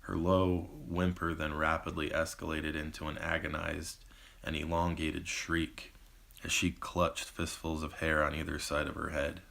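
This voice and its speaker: A man, the author, reading his own novel as measured audiobook narration. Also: very deep voice, little pitch movement, creaky, a bit bright. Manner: measured storytelling.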